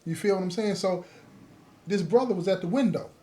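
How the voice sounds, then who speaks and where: A man's voice: sits high, a little fast. A man casually telling a story from his own life, talking straight to his listeners and checking that they follow along. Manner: lively, acts out the others in his story. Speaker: host telling his own prison stories.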